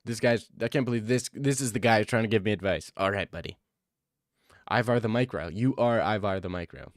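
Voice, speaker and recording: A man's voice: fairly low pitch, brisk, dry recording, clean studio sound. Joking young guy answering chat. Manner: defensive, joking replies to chat, says bro a lot. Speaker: livestreamer reading chat. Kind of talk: casual livestream chat.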